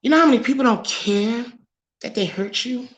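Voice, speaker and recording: A woman hosting a talk show, animated and preachy, overheated and sweating under studio lights. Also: fairly high pitch, moderate pace, lo-fi sound. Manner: animated, preachy, laughs a lot. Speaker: podcast host. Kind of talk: casual talk-show discussion.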